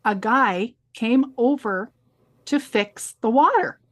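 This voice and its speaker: Her voice sits a little high and she talks slowly. As a podcast co-host chatting casually, she spins an animated story and voices the characters' lines herself.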